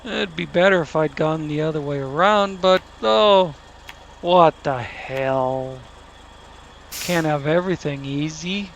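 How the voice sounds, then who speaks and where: Man, casual gameplay commentary, wry muttering, gravelly, loud truck engine noise behind. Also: fairly high pitch, slow, lo-fi sound. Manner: wry, talks to the game and mutters to himself. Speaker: gaming commentator.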